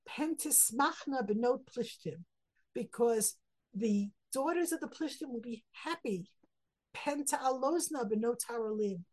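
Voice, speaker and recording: A woman's voice: fairly high pitch, darkish tone, slightly rough, poor audio. A middle-aged woman teaching a Torah text study lesson, earnest and reflective, weaving Hebrew phrases into her English explanations and getting emotional about the verses.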